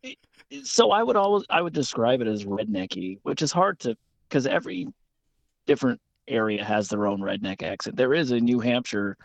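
A man's voice: mid-range voice, expressive, moderate pace, creaky, no echo. A man in his thirties from West Virginia, a podcast guest chatting casually, hesitant and self-deprecating. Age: 30s. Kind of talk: casual chat.

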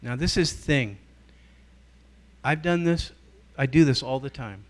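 A middle-aged man, a guest church leader, giving a teaching talk and telling stories in an animated way, acting out the voices of people he quotes. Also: medium pitch, measured pace.

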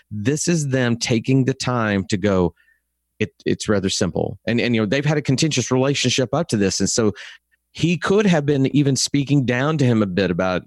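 A man with a Texan accent co-hosting a review podcast, talking in an animated, opinionated way and acting out little quotes. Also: mid-range voice, dry recording, studio quality. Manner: animated, rants with acted quotes. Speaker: podcast co-host. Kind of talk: casual review chat.

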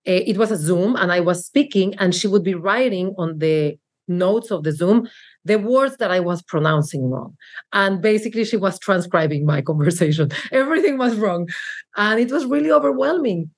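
A woman's voice: medium pitch, lively intonation, normal speed, slightly rough. Mexican-accented woman speaking earnestly. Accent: Mexican Spanish. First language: Spanish. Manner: earnest, reflective, with frequent fillers and restarts. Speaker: marketing executive guest. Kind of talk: candid interview conversation.

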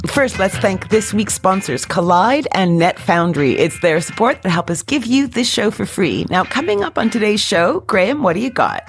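A woman from Canada co-hosting a podcast, brisk and dry with an amused edge. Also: medium pitch, sing-song, faint music behind. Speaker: podcast co-host. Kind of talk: casual podcast chat.

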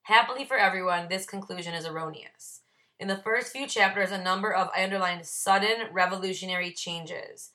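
A woman's voice: medium pitch, fairly quick, pushed and bright. A woman leading a recovery book study, reading passages aloud and explaining the notes she wrote beside them. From Ohio, USA. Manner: reads passages then explains her own notes. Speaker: AA Big Book study leader. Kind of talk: reading aloud and commenting on a text.

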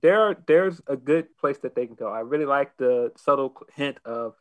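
Man talking wrestling, hesitant and animated. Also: mid-range voice, moderate pace, poor audio. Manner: hesitant, many restarts and fillers, animated when opinionated. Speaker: podcast co-host. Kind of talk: casual wrestling discussion.

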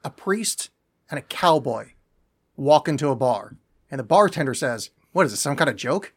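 A man co-hosting a podcast in casual chat, teasing his partner with deadpan jokes. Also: medium pitch, normal speed, slightly rough. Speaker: podcast co-host.

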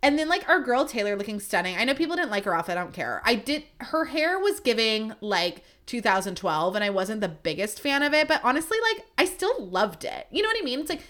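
A woman's voice: fairly high pitch, big pitch swings, brisk, hardly any pauses, fairly bright tone. Gushing, sweary young woman podcaster. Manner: gushing, sweary, rambling with many fillers. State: emotional, close to tears. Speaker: podcast host. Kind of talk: solo podcast chat.

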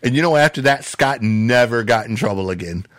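A man's voice: mid-range voice, expressive, fairly quick, fairly bright tone, dry recording. A man from Michigan hosting a podcast, telling a story in a rambling, casual way full of "uh" and "you know". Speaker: podcast host.

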